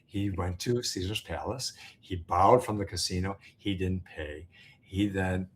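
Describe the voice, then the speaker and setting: Low-voiced man telling a story. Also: a little hiss or hum. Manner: halting, many fillers and restarts; animated, laughing storyteller. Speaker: interview guest, business founder. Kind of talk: casual anecdotal storytelling.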